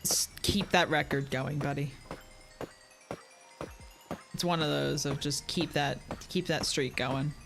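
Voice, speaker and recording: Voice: medium pitch, steady tone, slow, gravelly, long pauses, music in the background. A streamer chatting casually while playing, blunt and swearing freely as they talk to chat.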